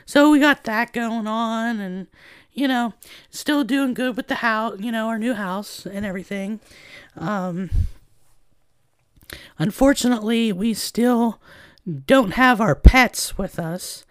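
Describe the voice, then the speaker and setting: A woman's voice: on the high side, slow, pauses often, clean tone, no room sound. A woman hosting a casual solo podcast, rambling along with lots of fillers. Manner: rambling, filler-heavy chatter. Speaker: podcast host. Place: at home in a trailer.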